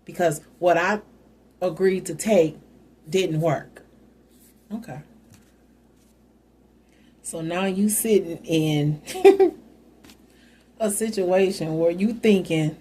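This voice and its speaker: A woman hosts a casual talk on a Bible story. She muses aloud and keeps adding side notes. Her voice is soft and husky, with a dark, mellow timbre. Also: on the low side, takes it slowly, pauses often. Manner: conversational, musing, with asides. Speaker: host.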